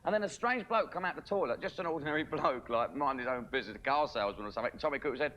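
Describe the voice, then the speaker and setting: A man's voice: mid-range voice, lively intonation, racing, bright, forceful tone, a little hiss or hum. A man, a fellow entertainer telling a casual anecdote in chatty, laughing, loose working-class speech. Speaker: fellow entertainer giving a tribute. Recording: dull lo-fi 1980s TV sound.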